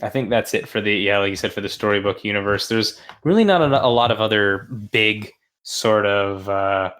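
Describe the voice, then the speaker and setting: A man's voice: lowish voice, moderate pace, fairly bright tone. A man co-hosting a podcast in casual chat, rambling with many fillers, laughing often. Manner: rambling, laughs often, quotes cartoon lines in put-on voices. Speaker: podcast co-host.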